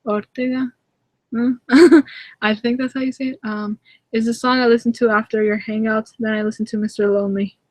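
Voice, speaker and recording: Giggly young woman, bright-pitched chat. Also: little pitch movement, fast, dry recording. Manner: giggly, chatty, many fillers and restarts. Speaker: channel host answering viewer comments. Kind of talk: casual live hangout chat. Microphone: webcam in a live video hangout.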